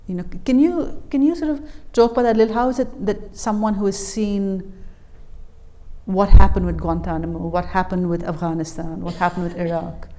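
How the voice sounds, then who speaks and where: A woman's voice: medium pitch, fairly quick, mellow. A woman moderating an on-stage conversation, asking questions in a thoughtful, hesitant way. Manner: thoughtful, hesitant phrasing with "um" and restarts. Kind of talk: interview questions and backchannel.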